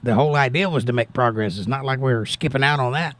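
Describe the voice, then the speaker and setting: Talking fast in a slightly bright, medium-pitched voice, a man reads out viewer comments on his casual livestream and replies with a prayerful touch, thanking God.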